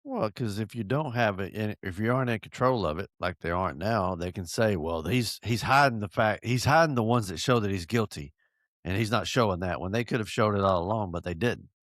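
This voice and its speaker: Animated Southern man telling stories. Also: fairly low pitch, fairly quick, dry recording, clean studio sound. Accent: Southern American. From North Georgia, USA. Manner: animated storyteller, acts out quotes, chuckles. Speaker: podcast host. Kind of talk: casual podcast chat.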